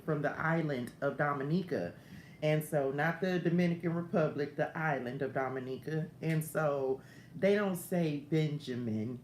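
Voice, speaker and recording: A middle-aged woman chats her way through a morning devotional livestream, laughing easily and wandering off into side stories. Her voice sits a little low, and the room is echoey with faint ambience behind her. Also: darkish tone, slight background noise. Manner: talkative, laughs often, drifts into side stories. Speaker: host of a morning spiritual livestream. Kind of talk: casual chatty devotional livestream.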